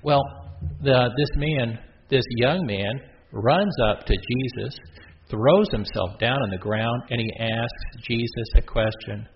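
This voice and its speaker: A man's voice: mid-range voice, slow pace. A middle-aged man, a Catholic priest, giving a conversational sermon in a church, often breaking off for joking asides. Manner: chatty, self-interrupting, with joking asides. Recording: muffled lo-fi with faint hiss.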